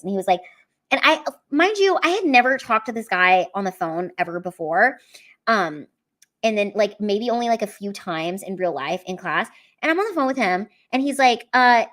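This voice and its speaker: A woman's voice: mid-range voice, lively intonation, a little fast, a bit bright. A woman comedian chatting casually on a livestream from home into her camera mic, rambling with lots of fillers.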